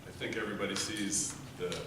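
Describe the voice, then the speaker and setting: Man, contest speaker, earnest storytelling, bright tone, very echoey room, faint background noise. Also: on the low side, little pitch movement, fast, far from the mic. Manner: earnest, shifts between loud emphasis and quiet hushed passages. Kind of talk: prepared storytelling speech. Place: meeting room before an audience.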